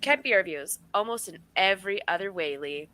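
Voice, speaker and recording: Bright-voiced woman reading viewer comments. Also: medium pitch, animated, brisk, poor audio. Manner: giggly, reads comments aloud. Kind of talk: casual chat.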